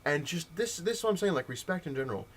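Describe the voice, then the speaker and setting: A man's voice: fairly high pitch, fast, a little hiss or hum. Heated ranting male vlogger. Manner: heated, animated storytelling with mimicked dialogue. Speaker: comic collector vlogger. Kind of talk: casual ranting vlog.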